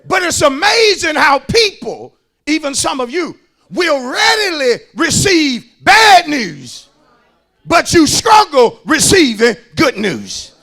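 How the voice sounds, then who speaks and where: A man, a pastor preaching a sermon in a church, shouting in a rhythmic, sing-song way and calling out to the congregation. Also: very high voice, big pitch swings, slow, creaky.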